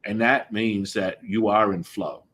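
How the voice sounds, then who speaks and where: A man's voice: fairly low pitch, steady tone, measured pace, a bit bright. A man hosting a podcast, talking in a meandering, reflective way about spiritual ideas. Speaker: podcast host. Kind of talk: spiritual conversation.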